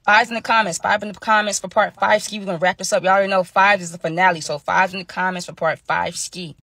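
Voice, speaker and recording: Young woman, storytime vlog, slangy and animated, dry close sound, mid-pitched. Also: fast, no echo. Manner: animated, slangy, dramatic retelling. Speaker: storytime vlogger. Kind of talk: casual storytime.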